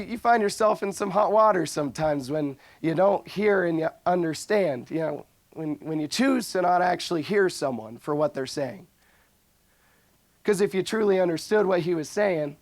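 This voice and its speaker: A man's voice: sits high, no room sound. A young man giving an informal, earnest talk on scripture, often restarting his sentences. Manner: earnest, frequent restarts and fillers. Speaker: religious speaker.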